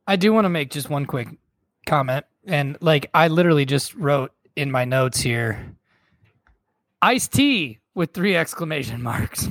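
A man's voice: fairly high pitch, moderate pace, fairly bright tone, no room sound. A young man co-hosting a casual podcast, wry and jokey, laughing often. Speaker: podcast co-host. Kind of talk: casual chat.

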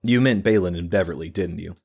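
A careful, deep-voiced investigator who questions gently and tentatively, read in the narrator's own voice. The delivery stays measured and low. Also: male voice, vocal fry, husky, full character voice. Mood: probing. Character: careful, hesitant male investigator.

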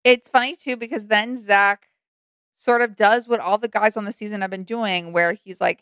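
A young woman co-hosting a casual comedic chat, giggly and playful, with vocal fry. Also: medium pitch, fairly even intonation, fairly bright tone, dry recording. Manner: giggly, quick to laugh, playful. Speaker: podcast co-host.

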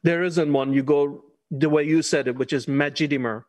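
A man's voice: a little high, steady tone, normal speed, darkish tone, no room sound. A middle-aged man from Iran, a guest chatting casually and laughing often, with wry asides. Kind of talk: casual interview conversation.

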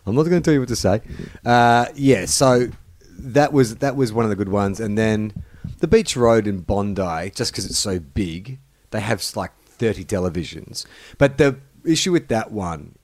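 A man's voice: lowish voice, normal speed, a little mellow, no room sound. An Australian man hosting a podcast, chatting casually and trading jokes. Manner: jokey, playful banter. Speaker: podcast host. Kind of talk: casual chat.

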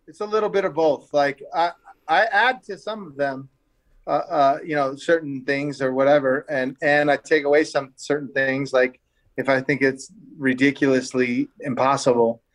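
A man's voice: medium pitch, moderate pace. A middle-aged man, the host of a competition show, telling stories casually as a guest and acting out what people said. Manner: animated, swears casually, quotes people. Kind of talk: casual storytelling.

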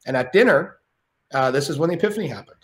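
A man telling a story as a podcast guest, animated and rambling, with plenty of swearing. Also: a little high, fast, reverberant. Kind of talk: casual storytelling.

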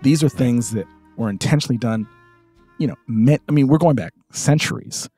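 A man's voice: mid-range voice, normal speed, warm tone, faint music behind. Southern man reading articles aloud on a podcast. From American South. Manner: reads quotes aloud from articles, many fillers. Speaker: podcast co-host. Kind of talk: casual discussion podcast.

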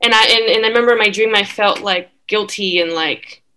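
A woman's voice: mid-range voice, fairly quick, bright, forceful tone, slight background noise. A young woman guest telling a personal story in casual chat, full of fillers. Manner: chatty, many fillers.

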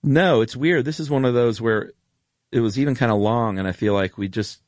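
A man co-hosting a podcast, telling stories in a relaxed, enthusiastic way. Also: mid-range voice, a little fast, no room sound, clean studio sound. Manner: relaxed storyteller, laid-back and enthusiastic. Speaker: podcast co-host. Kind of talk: casual chat.

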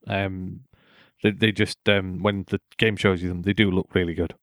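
Man, low voice, casual podcast host, opinionated, dry close sound. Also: level tone, moderate pace, no room sound. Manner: chatty, opinionated, laughs often.

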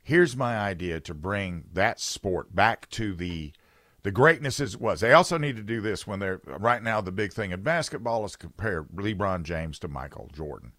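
A man's voice: fairly low pitch, expressive, normal speed, a bit bright, dry recording, clean studio sound. Sarcastic, rambling man on talk radio. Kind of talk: opinionated talk radio chat. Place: radio studio.

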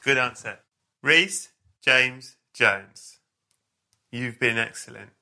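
A man's voice: mid-range voice, slow pace, creaky, sharp tone. A man hosting a podcast, chatting casually with dry, teasing banter. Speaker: podcast host. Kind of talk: casual chat.

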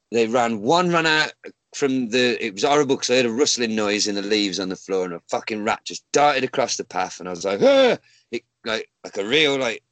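A man's voice: lowish voice, a bit bright, no room sound, poor audio. A man co-hosting a casual podcast, reading out odd news stories with lots of swearing and laughter. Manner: sweary, laughs often, mocks the story as he reads. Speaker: podcast co-host.

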